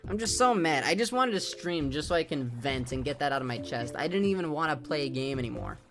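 A man's voice: fairly high pitch, animated, fast talker, over music. A man ranting angrily on a gaming live stream, venting his frustration with a lot of swearing. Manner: angry, profane venting.

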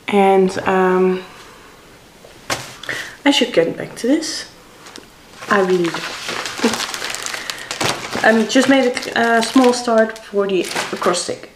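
A middle-aged Dutch woman speaks English with a Dutch accent, chatting hesitantly and using many fillers as she shows off her cross-stitch projects at home in a casual show-and-tell. Her voice is medium in pitch with a darkish tone. The audio is poor, with a roomy sound and a little hiss or hum.

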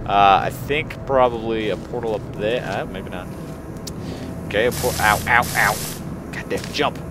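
A young man doing casual let's play commentary, playful and excitable, laughing often and trying silly accents. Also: lowish voice, measured pace, heavy background noise. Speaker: gaming video creator.

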